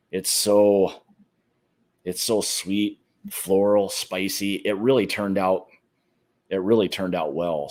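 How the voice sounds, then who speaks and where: A man hosting a whiskey club livestream in a casual, easygoing chat, greeting viewers by name and talking with plenty of fillers. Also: sits low.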